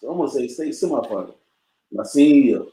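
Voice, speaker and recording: A man's voice: medium pitch, animated, fairly quick, dark tone, roomy sound, poor audio. A man co-hosting a podcast, recalling things in laid-back casual chat and often repeating himself. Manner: repetitive, laid-back, often says bro. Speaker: podcast co-host.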